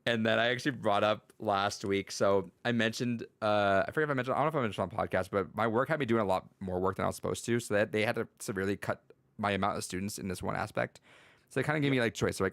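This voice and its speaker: Man, podcast host, low creaky voice, rambling, laughs often, dry close recording. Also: fast talker, a bit bright, no room sound. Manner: rambling storytelling, laughs often, many fillers. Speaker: podcast host and school teacher. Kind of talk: casual podcast chat.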